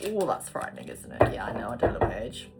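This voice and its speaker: A woman's voice: a bass voice, huge pitch swings, fast talker, vocal fry, loud music behind the voice. A British woman in her forties doing a casual tarot reading, chatty and given to swearing and tangents. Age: 40s. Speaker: tarot card reader.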